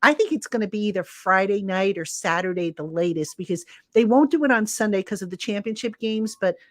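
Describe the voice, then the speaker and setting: A woman sports reporter chats in an easy, explanatory way on a live online call. Her pitch sits in the middle, and the sound is dry and close. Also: fairly quick, no room sound. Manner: conversational, explains for listeners. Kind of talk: casual sports chat.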